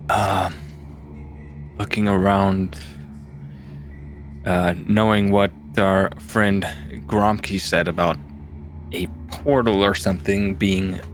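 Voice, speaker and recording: A man's voice: sits low, fairly even intonation, slow, pauses often, faint music behind. A man playing in a tabletop game, casual and cautious, laughing easily. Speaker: player.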